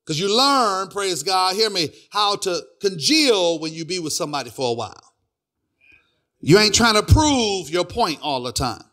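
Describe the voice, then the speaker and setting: With a high-sitting, sing-song voice at a moderate pace, a middle-aged male pastor preaches a sermon. He alternates hushed asides with loud sung preaching and keeps saying "praise God" and "hear me."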